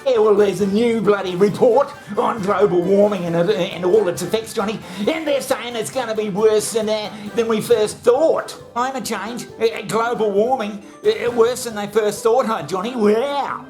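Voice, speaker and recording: A man's voice: sits high, normal speed, few pauses, over music. A man hosting a comedy show, bantering crudely with himself, swearing and laughing at his own jokes. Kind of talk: comic monologue, bantering with himself.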